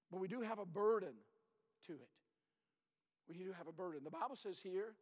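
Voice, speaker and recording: A middle-aged man preaching a sermon as pastor, earnest and hoarse, often sinking to a low, intense voice and repeating his words. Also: moderate pace, long reverb tail.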